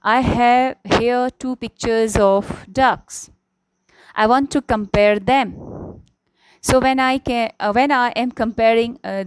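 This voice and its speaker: A woman's voice: fairly high pitch, clean tone, no room sound, poor audio. A young adult woman teaching an online class, patiently explaining and repeating key words, often checking in with "okay?". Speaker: English teacher. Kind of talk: slow, simple classroom explanation.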